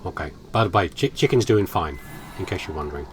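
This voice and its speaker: Low and expressive, a gaming commentator's voice moves at a quick pace while he plays a horror game. His let's play commentary has a playful, self-mocking, musing tone, and a little hiss or hum sits under the recording.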